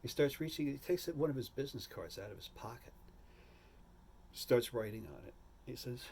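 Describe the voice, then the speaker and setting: An older man telling a humorous personal story in a rambling, animated way, full of asides and restarts. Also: medium pitch, moderate pace, creaky, long pauses, slightly rough.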